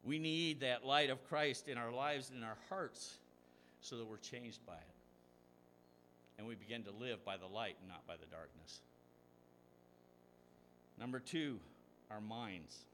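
A male pastor delivers a sermon in a mid-pitched voice, building to loud emphatic peaks and dropping low for asides. He tells stories and poses rhetorical questions to the congregation. A faint noise sits under the recording. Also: measured pace, pauses often. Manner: storytelling preacher, voice rising with emphasis, rhetorical questions.

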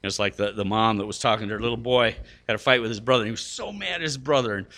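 A man's voice: fairly low pitch, fast, bright, forceful tone. A middle-aged man preaching a sermon, earnest and conversational, climbing to emphatic peaks with fillers and restarts. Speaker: pastor.

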